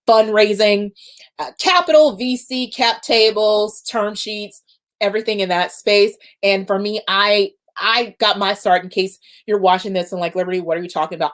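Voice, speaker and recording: An energetic woman talks straight to her viewers in a casual livestream, coaching founders. She hammers her points home by repeating short phrases, and her voice sits at an ordinary middle pitch for a woman.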